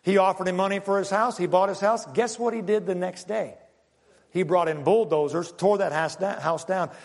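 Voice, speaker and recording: An older man preaching a sermon and telling stories, moving from loud, emphatic lines to hushed ones. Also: sits high, normal speed, creaky. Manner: animated, swinging from loud to hushed. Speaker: pastor. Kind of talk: sermon with personal storytelling. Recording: long hall reverb.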